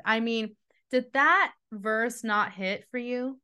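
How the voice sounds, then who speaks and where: Woman devotional host: slightly high, earnest, emphatic, talks to the listener. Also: slow pace, sharp tone, smooth. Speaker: podcast host and Bible teacher. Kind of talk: devotional teaching.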